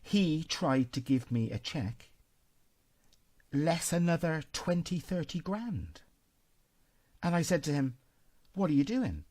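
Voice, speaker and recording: A man hosting a podcast interview, telling stories in an animated way and swearing freely. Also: a little high, takes it slowly, long pauses. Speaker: podcast host. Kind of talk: casual interview chat.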